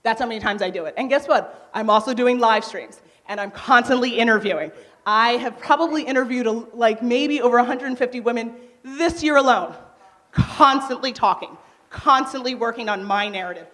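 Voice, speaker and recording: Loud, lively woman speaker on stage. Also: fairly high pitch, normal speed. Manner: lively, laughs often, asks the crowd questions; naturally loud. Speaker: conference speaker. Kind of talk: motivational workshop talk to a live audience. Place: conference hall stage.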